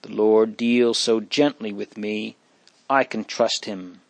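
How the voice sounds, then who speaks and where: A man reading the part of a dying young woman, faint, gentle and prayerful, in a story read aloud. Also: on the low side, steady tone, vocal fry, no room sound. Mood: faint, devout. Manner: soft, slow, faint and prayerful. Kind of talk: reading aloud from a religious narrative.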